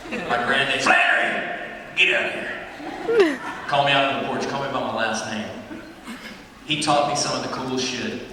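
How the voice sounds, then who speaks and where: A man's voice: medium pitch, fairly even intonation, a little fast, noisy background. Texan man in an echoey hall. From Texas. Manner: profane, laid-back storytelling with laughs. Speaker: panel guest. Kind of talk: convention panel storytelling. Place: large convention hall. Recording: echoey hall recorded from far off.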